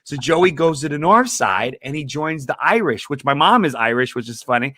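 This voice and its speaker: A man telling a story as a comedian guest, animated, laughing often and acting out the people he quotes. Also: on the high side, normal speed, dry recording, studio quality. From Chicago. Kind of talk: casual storytelling in an interview.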